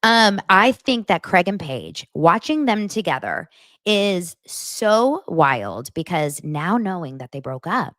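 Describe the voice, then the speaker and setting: A woman's voice: fairly low pitch, sing-song, takes it slowly, fairly bright tone, no room sound. A young woman hosting a podcast, chatting casually and retelling reality-show scenes with lots of fillers. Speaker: podcast host. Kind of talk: casual pop-culture chat.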